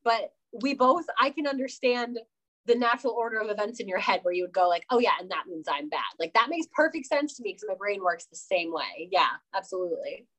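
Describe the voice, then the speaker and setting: A young woman talks casually as an interview guest, with a mid-range voice. She is animated and laughs often. She acts out little dialogues as she goes. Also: mid-range voice, a little fast, low-quality recording.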